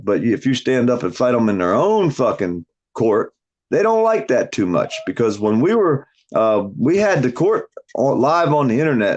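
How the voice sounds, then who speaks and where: A man ranting bluntly on a casual livestream, swearing heavily and mocking people. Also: medium pitch. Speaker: livestream host. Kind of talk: profane casual livestream chat.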